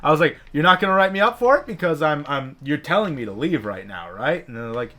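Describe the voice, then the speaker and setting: Bright-voiced man telling a story. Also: fairly high pitch, fast, few pauses. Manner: profane, animated, acts out quoted bosses. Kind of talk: casual storytelling chat while gaming.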